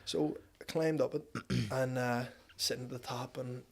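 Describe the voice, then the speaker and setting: A man in his twenties with a Northern Irish accent, a podcast guest telling a story in casual chat, animated and swearing freely. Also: medium pitch, moderate pace, creaky. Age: 20s.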